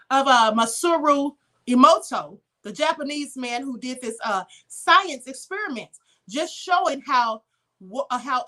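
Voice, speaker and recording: A woman with a high, bright voice gives an emphatic, preachy inspirational talk on a live stream. She reads and thanks viewer comments, calling viewers beloved. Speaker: livestream host.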